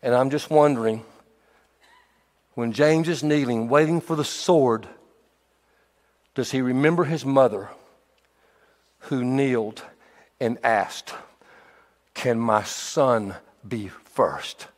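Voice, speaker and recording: A man preaching a sermon in an animated way, swinging from hushed tones to emphatic repetition. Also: mid-range voice, slow pace, pauses often. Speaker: pastor. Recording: long hall reverb.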